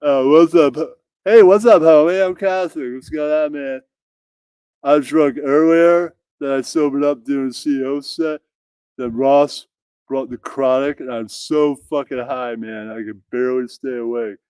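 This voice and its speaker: Man reading a stoned young comic: crude, rambling, mellow tone. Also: medium pitch, measured pace, clean tone, no echo, lightly acted.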